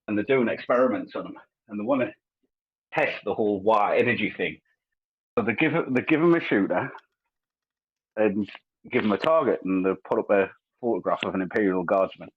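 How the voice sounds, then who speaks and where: A man on a podcast, chatting casually and telling an animated story while acting out the voices in it. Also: lowish voice, a little hiss or hum. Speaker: podcast co-host. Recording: husky voice, dull lo-fi sound.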